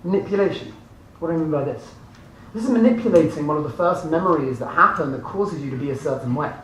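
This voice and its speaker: A man giving a lively motivational seminar talk to a live audience, often laughing and asking the room questions. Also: on the high side, quick pace. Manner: animated, laughing, addresses audience directly. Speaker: motivational speaker. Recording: echoey room from far off, faint noise.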